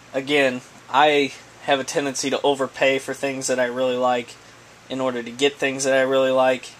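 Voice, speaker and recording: A man's voice: medium pitch, fairly bright tone, a little hiss or hum, poor audio. A man chatting casually while unboxing, rambling and stammering with many hesitations as he talks about breeding snakes.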